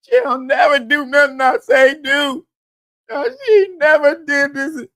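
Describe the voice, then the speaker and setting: A man's voice: extremely high pitch, fairly even intonation, takes it slowly, fairly bright tone, no room sound, voice pushed up, exaggerated voice. A man mimicking a whiny grown man who sobs and complains. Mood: whining. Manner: sobbing, whining.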